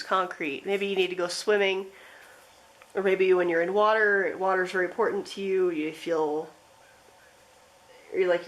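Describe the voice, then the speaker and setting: A woman giving a pick-a-card tarot reading, talking in a gentle, rambling way with lots of fillers. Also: lowish voice, poor audio. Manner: rambling, gentle, with frequent fillers and soft laughs. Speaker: tarot reader.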